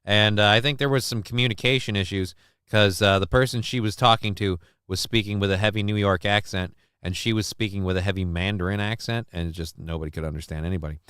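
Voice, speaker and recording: A worn-out man hosts a casual live stream, drifting between viewer comments and the news. His voice sits a little low and comes across smooth. The sound is dry and close. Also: steady tone, fast, a bit bright, no echo. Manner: rambling, chats with viewers, reads news aloud. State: fuzzy, wiped out. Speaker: show host.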